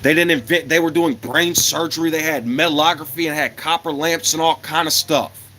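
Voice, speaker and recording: A man from America rails at his viewers in a profane, combative monologue full of repeated rhetorical questions, coughing at times. His voice is a little high, bright and forceful, steady and brisk, with a little hiss or hum.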